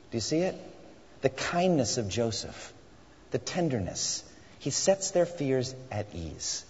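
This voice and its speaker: A man with a middle-pitched, slightly husky voice preaches earnestly, slowing down to dwell on each phrase. The sound is a little dull, and a long reverb hangs in the large hall around him. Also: sing-song, a little mellow. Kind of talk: sermon.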